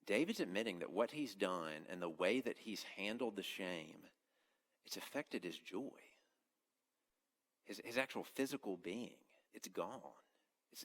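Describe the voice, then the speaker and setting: A man delivers a sermon in an earnest, conversational way, often stopping and restarting his phrases. His voice sits low and has a gravelly edge. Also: fairly bright tone. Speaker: campus minister preaching.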